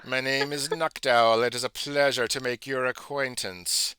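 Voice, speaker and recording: A man's voice: mid-range voice, steady tone, sharp tone, clear, resonant tone, dry recording, voice pushed up. Man voicing a wise, kindly old owl. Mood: courteous. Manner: slow, measured and polite.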